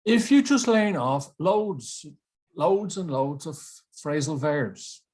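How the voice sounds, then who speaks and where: Slow, playful male English teacher. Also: on the high side, animated, a little mellow. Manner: playful, jokey, repeats words for drilling. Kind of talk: online English lesson. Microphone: webcam.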